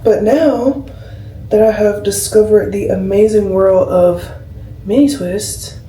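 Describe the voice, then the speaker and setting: Speaking slowly at medium pitch, this twenty-something nurse and vlogger tells animated, filler-heavy stories to her camera while getting ready and fixing her hair indoors. The audio is roomy and a little far off, with slight background noise.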